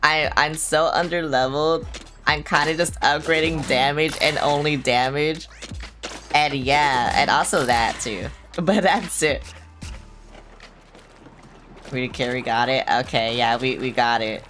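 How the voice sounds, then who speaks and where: Young woman, low voice, casual game streamer, swears, self-mocking, faint music behind. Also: measured pace, a bit bright. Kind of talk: casual live-stream chatter.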